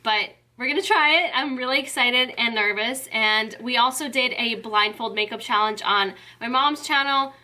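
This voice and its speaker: A young woman with a high, bright voice chats casually to her camera as a vlogger. She sounds giggly and flustered and keeps exclaiming. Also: moderate pace, hardly any pauses. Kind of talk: casual chat.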